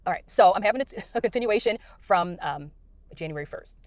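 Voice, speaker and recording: A woman's voice: medium pitch, animated, fairly quick, darkish tone. A middle-aged woman from the United States, recording in her car, earnestly telling about her dreams in a rambling way with many fillers. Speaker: Christian speaker sharing dreams. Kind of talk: casual testimony.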